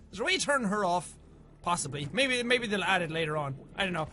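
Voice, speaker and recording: A young man with a very high, bright voice gives excitable let's play commentary. He swears freely and talks back to the creatures on screen. His pitch jumps around wildly as he reacts. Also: fast talker, slight background noise. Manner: excitable, swears often, talks to game characters. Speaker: gamer.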